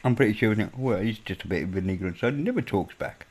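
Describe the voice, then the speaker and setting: Chatty northern English man, lowish voice. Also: lively intonation, quick pace, darkish tone. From northern England. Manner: rambling, chatty, drops in British slang. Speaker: livestream host. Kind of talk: casual chat with stream viewers.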